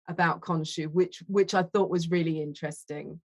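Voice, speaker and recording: A woman's voice: on the low side, normal speed, few pauses. Hesitant woman thinking aloud in a review. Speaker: film and TV critic co-host. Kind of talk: casual review discussion.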